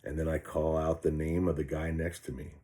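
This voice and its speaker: An older man, a retired police officer, recounting a personal experience and reading from his own notes in a halting, earnest way, often restarting and repeating words. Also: extremely low pitch, little pitch movement, warm tone.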